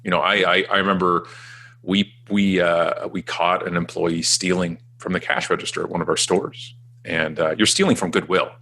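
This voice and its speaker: A man in his forties, a guest telling his career story in a self-mocking, animated way with frequent restarts. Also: low-pitched, normal speed, vocal fry. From Canada. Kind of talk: casual storytelling interview.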